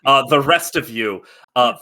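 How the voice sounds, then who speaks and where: A man narrating a tabletop game as game master, lively and full of fillers, breaking into shouted guard voices. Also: mid-range voice, unhurried.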